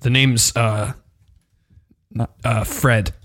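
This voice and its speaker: A man playing a deadpan bearded drunk uncle. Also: mid-range voice, extremely slow, voice pushed down.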